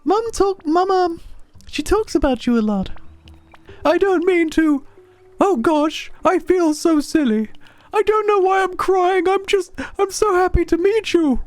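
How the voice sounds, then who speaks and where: Claire, a man doing a weepy high young woman. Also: sing-song, takes it slowly, long pauses, dry recording, exaggerated voice. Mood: tearful. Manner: sobbing, breathless, stammering. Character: tearful emotional young woman villager. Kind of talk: live game voice-over.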